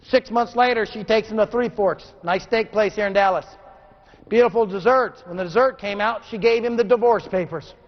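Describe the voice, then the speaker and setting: A middle-aged man with a strikingly high voice delivers a motivational speech to a live audience, repeatedly demanding that they answer him back. He alternates between loud exhortation and low, intense passages. The recording is dull and lo-fi. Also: moderate pace, in a large hall. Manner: call-and-response, demands the crowd answer; swings between shouting and hushed intensity. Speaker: motivational speaker. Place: large room with an audience.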